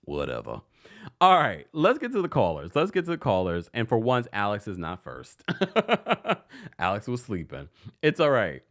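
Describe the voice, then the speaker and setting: A man's voice: on the low side, normal speed. A man hosting a live call-in stream, reading viewer messages aloud and laughing often. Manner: animated, laughs often, reads super chats aloud. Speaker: host.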